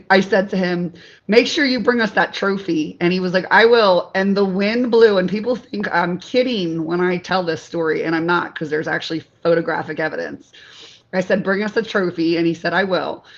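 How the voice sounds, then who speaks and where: A woman from Delaware, a talk show guest, telling lively stories in casual chat and laughing often. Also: fairly low pitch, muffled recording. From Delaware, USA. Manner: animated storyteller, laughs often.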